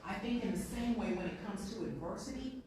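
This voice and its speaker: A woman's voice: medium pitch, fairly quick, a crowd in the background. Woman giving an earnest motivational speech. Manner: earnest, storytelling, repeats points. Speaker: keynote speaker. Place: large conference room with audience. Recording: echoey hall from far off.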